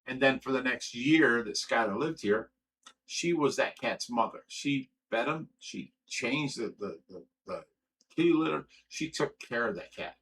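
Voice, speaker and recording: A man's voice: medium pitch, expressive, a little slow, a bit bright, a little hiss or hum, rough recording. A middle-aged man hosting a livestream, reading viewer comments aloud and going on an aggrieved, profane rant, often stumbling and repeating words. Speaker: livestream host.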